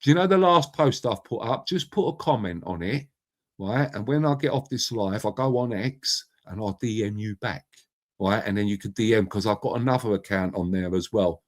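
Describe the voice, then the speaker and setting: A middle-aged Englishman with a lowish, animated voice hosts a casual live stream at a moderate pace. He's blunt and matey, swearing freely and addressing viewers as mate and bruv.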